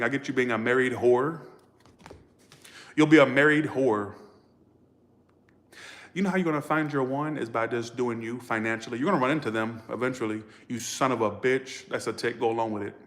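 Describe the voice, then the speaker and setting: A man's voice: medium pitch, brisk, fairly bright tone. A man giving a casual tarot reading to viewers, blunt and profane, chatting straight at his audience. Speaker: tarot reader.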